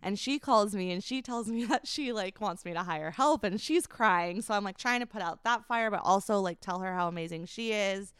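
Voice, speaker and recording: Twenty-something woman on a podcast, emotional and halting, super smooth clear voice, dry close mic. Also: medium pitch, a bit bright, dry recording. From United States. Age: 20s. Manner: emotional, hesitant, many likes and ums. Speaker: guest, brand founder. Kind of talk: candid podcast storytelling.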